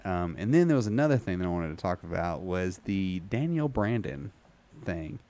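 A man hosting a casual podcast, rambling with many ums and reading an article aloud haltingly. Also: low-pitched, sing-song, dark tone. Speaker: podcast host.

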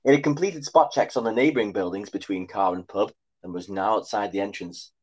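A man's voice: on the low side, fairly quick, husky. A man reading his own comic story aloud with dry, wry asides. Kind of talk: comic scripted narration.

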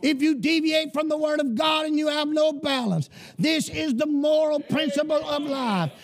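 A male preacher delivering a fiery sermon, often shouting and emphatic. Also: very high voice, moderate pace.

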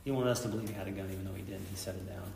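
A middle-aged man with a fairly low voice tells an intense story in an interview and acts out the lines people spoke. He is recorded from a distance in a room with a long, echoing reverb. A faint noise sits behind him. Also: fairly even intonation, rapid-fire, vocal fry, a little mellow. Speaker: police officer, guest.

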